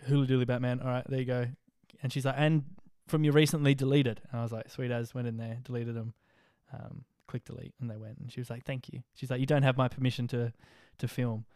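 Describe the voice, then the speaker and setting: A young Australian man casually telling an animated, slang-filled story about a flight, with jokey rhymes. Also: mid-range voice, dry recording, studio quality. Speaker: social media vlogger.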